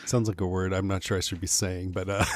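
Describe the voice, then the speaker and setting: A man's voice: low-pitched, level tone, fast. A man co-hosting a podcast in a casual, laid-back way, laughing easily. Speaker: podcast co-host.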